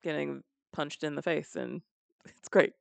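A man's voice: on the high side, fairly even intonation, measured pace, creaky, no room sound. A man co-hosting a film podcast, easygoing and agreeable in casual chat. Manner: easygoing, agreeable, short replies with laughs. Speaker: podcast co-host.

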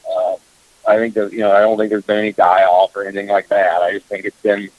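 A man's voice: fairly low pitch, little pitch movement, fast talker, dry recording, narrow, tinny audio. A man chatting casually as a guest about fishing on the radio, rambling with lots of filler words. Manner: rambling, heavy on "you know" fillers.

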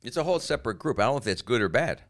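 A man co-hosting a casual podcast, telling animated stories and jumping into quoted voices. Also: medium pitch, rapid-fire. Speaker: podcast co-host and comedian.

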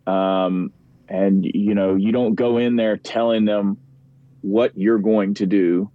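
A man's voice: lowish voice, steady tone, a little slow, warm tone, no room sound, muffled recording. A man, a professional wrestler, chatting as a podcast guest, rambling with easy laughs and dropping names of fellow wrestlers. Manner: rambling, laughs easily, name-drops peers. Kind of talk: casual podcast chat.

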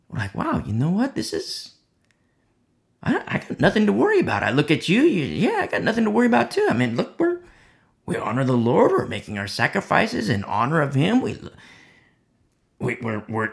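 A man delivers an informal Bible teaching with a gravelly edge to his slightly high voice. His pitch swings widely as he drops into the voices of the people in his story. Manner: acts out voices of imagined onlookers in a lively storytelling way. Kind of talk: informal sermon.

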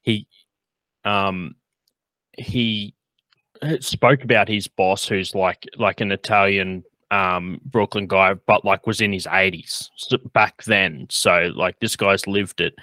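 A man's voice: low-pitched, fairly even intonation, takes it slowly, sharp tone, no room sound. A man hosting a podcast in casual chat, rambling with lots of fillers and frequent laughs. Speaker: podcast host.

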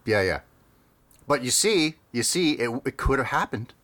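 A man co-hosting a casual podcast chat, rambling and amused, with many fillers and quick laughs. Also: mid-range voice, big pitch swings, a bit bright. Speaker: podcast co-host.

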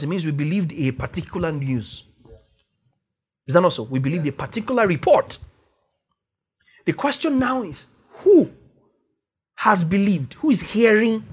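A man's voice: on the high side, breathy edge. A man preaching a sermon, stressing key words by drawing them out and rising to exclamations.

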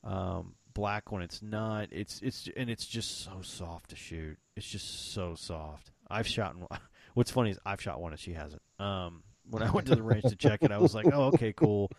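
A man co-hosting a podcast, chatting casually in a low voice. He tells stories with plenty of laughter and swearing, and the recording sounds close and dry with no room echo. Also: a little slow, gravelly. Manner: laughing, profane, animated storyteller. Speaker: podcast co-host. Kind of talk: casual chat.

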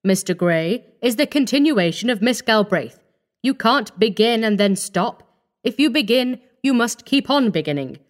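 Woman voicing a calm, scheming young doctor. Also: fairly high pitch, normal speed, pitched above the performer's own voice, close to an everyday voice. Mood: coaxing. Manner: calm, coaxing, firm. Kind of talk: storybook reading.

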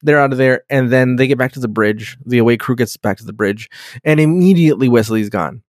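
A man co-hosting a casual podcast, recapping a TV episode in a profane, animated way and acting out the characters. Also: mid-range voice, brisk, dry recording, studio quality. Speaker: podcast co-host.

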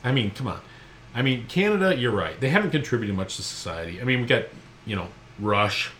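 Podcast guy shooting the breeze over beers, bright voice that jumps all over, goofy and rambly. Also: mid-range voice, a little fast, slight background noise. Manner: joking, loose and animated, trailing restarts. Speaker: podcast co-host. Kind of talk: casual chat over beers. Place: at a table, recording indoors.

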